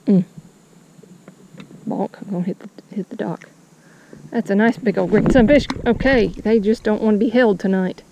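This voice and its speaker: A woman's voice: mid-range voice, moderate pace, long pauses, lo-fi sound, background noise. Chatty woman fishing outdoors. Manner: chatty, talks to the fish and viewers with folksy phrases. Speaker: fishing vlogger. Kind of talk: casual narration while fishing. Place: outdoors on a kayak on the water.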